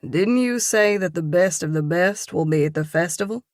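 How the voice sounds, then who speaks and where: A woman reading an audiobook and voicing a grounded young man who talks in a calm, encouraging, lightly teasing way. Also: fairly low pitch, moderate pace, no room sound, studio quality, lightly acted. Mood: coaxing. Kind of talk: audiobook dialogue.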